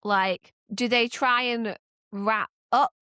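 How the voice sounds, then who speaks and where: A woman with a Northern English accent co-hosting a podcast, chatting casually and thinking aloud with quick restarts. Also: on the high side, fairly even intonation, bright, forceful tone, clear, resonant tone, dry recording, clean studio sound. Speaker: podcast co-host. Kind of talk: casual chat.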